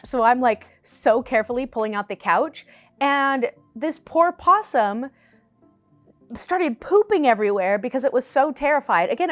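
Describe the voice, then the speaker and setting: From her apartment, a vlogger in her twenties shares an animated storytime in a casual, chatty way, laughing frequently. Her voice is high-pitched, and there's no echo.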